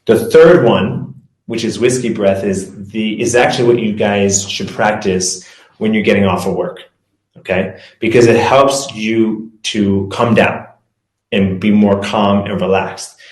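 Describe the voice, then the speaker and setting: Lowish-voiced man coaching in an echoey room. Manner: conversational, loose, with fillers and self-corrections. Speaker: mindset and performance coach. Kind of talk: casual presentation with guided breathing.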